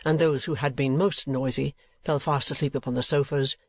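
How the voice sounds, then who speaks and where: A man narrating a classic novel as an audiobook in a steady, measured way. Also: mid-range voice, no echo.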